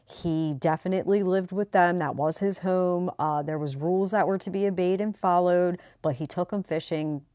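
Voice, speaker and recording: A woman recapping a court trial in a chatty, animated vlog style. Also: fairly low pitch, normal speed, hardly any pauses, no room sound, clean studio sound. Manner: chatty, animated retelling with quoted voices. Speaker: true crime commentator.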